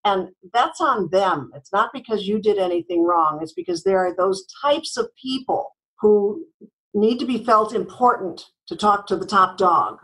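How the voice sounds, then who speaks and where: A woman from the United States, a guest in a podcast interview, speaking briskly and instructively and acting out sample phone calls. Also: mid-range voice, very animated, a bit bright, rough recording. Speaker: guest, customer service trainer.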